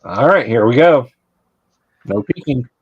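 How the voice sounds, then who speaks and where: A man's voice: mid-range voice, animated, a little slow, breathy edge, dry recording, highs cut off. Man as game master, livestream tabletop game, rambling with chuckling asides, dry close sound.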